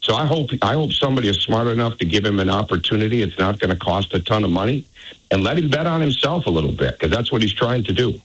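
A man's voice: lowish voice, expressive, fast talker, slightly rough, lo-fi sound. A male basketball coach joining a sports radio show as a guest, speaking emphatically and urgently. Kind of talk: phone-in radio interview.

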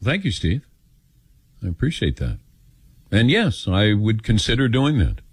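Animated older male radio host. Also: lowish voice, unhurried, husky, dry recording. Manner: animated storytelling, acts out quotes. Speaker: radio talk show host. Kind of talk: call-in radio chat.

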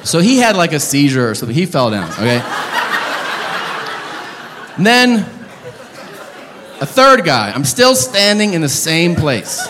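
A male stand-up comedian with a fairly high, very lively voice, telling his story with profane, incredulous energy. He is recorded live in a club, with long reverb and clear crowd noise behind him. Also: measured pace, long pauses. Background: audience laughter.

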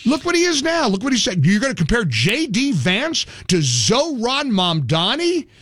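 Animated high-voiced man ranting. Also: normal speed, no room sound, studio quality. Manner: animated, emphatic, frequent restarts. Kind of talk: opinionated political talk.

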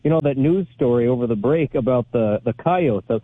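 A man calling in to a radio show over a narrow, phone-like line. He chats in a relaxed, joking way, pausing and restarting a little. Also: mid-range voice, no room sound. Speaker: caller. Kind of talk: casual call-in chat.

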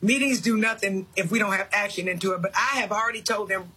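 High, bright, husky-voiced man. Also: fast, rough recording. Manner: blunt and insistent. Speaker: political guest. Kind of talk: interview clip.

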